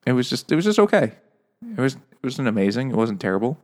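A man's voice: medium pitch, big pitch swings, quick pace, darkish tone. A man co-hosting a casual book-and-beer podcast, telling long rambling jokes with plenty of swearing and laughing at his own punchlines. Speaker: podcast co-host. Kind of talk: casual chat over beer.

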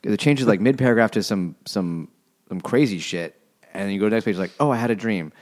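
A man co-hosting a book podcast, chiming in with deadpan one-liners and retelling scenes casually. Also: on the low side, fairly quick. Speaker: podcast co-host. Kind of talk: casual comedic book chat.

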